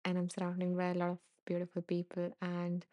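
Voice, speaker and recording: A woman hosting a podcast, gently reading and answering live listener comments, soft-spoken and laughing softly, emotional and close to tears. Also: fairly low pitch, completely flat delivery, fairly quick, dry recording. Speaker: podcast host.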